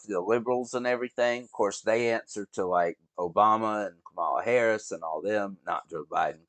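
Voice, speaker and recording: Guy rambling thru a reaction vid, kinda low voice, swears a lot, dead dry sound. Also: dry recording. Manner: rambling, swears, talks to viewers as guys. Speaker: reaction video host. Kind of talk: casual reaction commentary.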